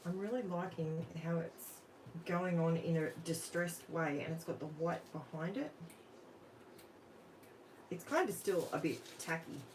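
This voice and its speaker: A woman's voice: lowish voice, expressive, unhurried, long pauses, recorded from a distance, low-quality recording. Chatty Australian woman crafting live. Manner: chatty, thinks aloud, asks viewers questions. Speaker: crafting live-stream host. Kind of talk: casual chat while crafting. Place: home craft room. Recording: off-mic with faint room noise.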